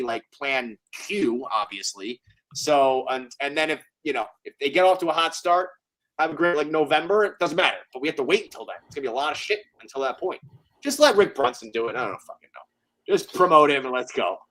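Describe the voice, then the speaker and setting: A man's voice: fairly high pitch, a bit bright, poor audio. A man co-hosting a sports podcast who rambles through his frustration in casual chat. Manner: rambling, frustrated, lots of fillers. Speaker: podcast co-host.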